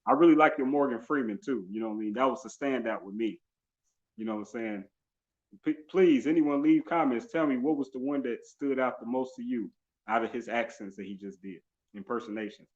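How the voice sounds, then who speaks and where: A man's voice: medium pitch, fairly quick, lo-fi sound. A male interview host with an upbeat, encouraging, repetitive way of talking. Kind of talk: casual live-stream interview.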